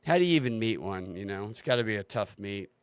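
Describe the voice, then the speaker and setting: A man's voice: fairly low pitch, lively intonation, fast, clean tone, no echo. A man hosting a livestream, talking casually in a sarcastic, ranting way and swearing freely. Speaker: livestream host.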